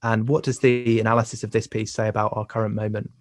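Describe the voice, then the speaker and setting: Halting male podcast host. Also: fairly low pitch, flat delivery, no echo, studio quality. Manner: halting, repeats words often. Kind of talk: conversational podcast interviewing.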